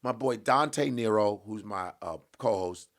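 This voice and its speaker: A man's voice: lowish voice, measured pace. A man, a comedian guest on a podcast, telling a story in casual chat, swearing freely and acting out what other people said.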